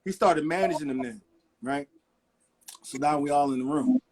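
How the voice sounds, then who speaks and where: A man's voice: on the high side, moderate pace, creaky, husky. A middle-aged man, a record producer, telling stories in a casual interview and acting out the people he quotes. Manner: animated storyteller acting out quotes.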